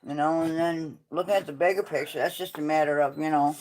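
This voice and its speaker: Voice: medium pitch, fairly even intonation, fast talker, darkish tone, rough recording. A livestream host in casual chat at home, blunt and opinionated, swearing freely.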